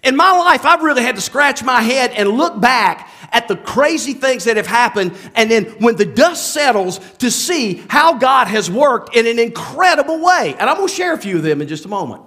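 A man's voice: very high-pitched, animated, moderate pace, few pauses, bright, forceful tone. A man preaching a sermon in a conversational way, with many asides and restarts, often asking the listeners rhetorical questions. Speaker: pastor.

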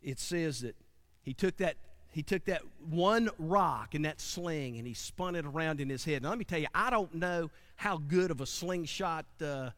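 A man preaching a sermon, animated and dramatic, swinging from loud bursts to hushed lines. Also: a little high, moderate pace. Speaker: pastor.

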